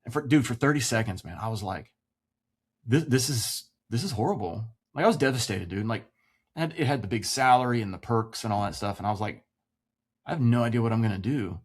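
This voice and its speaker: An expressive man in his forties, talking casually as a veteran guest on a podcast. He swears freely and acts out the voices of people in his story, with an everyday middle pitch. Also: brisk, breathy edge. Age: 40s.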